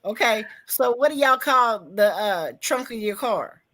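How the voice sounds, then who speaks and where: A woman in a casual live chat, animated and repeating herself as she tells a story. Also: a little high, a little slow, low-quality recording. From Caribbean or abroad, moved to the US at 13.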